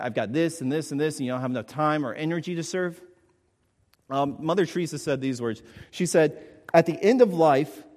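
Emphatic male preacher in a reverberant hall. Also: a little high. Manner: emphatic, repeats points with "okay?" checks. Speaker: pastor. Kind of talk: sermon.

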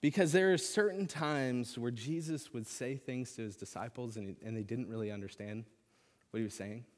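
A man's voice: medium pitch, moderate pace. A man delivering a sermon from the pulpit, speaking in an earnest, conversational way with casual fillers. His mid-range voice rings out with a long reverb that trails off through a large church hall. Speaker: pastor.

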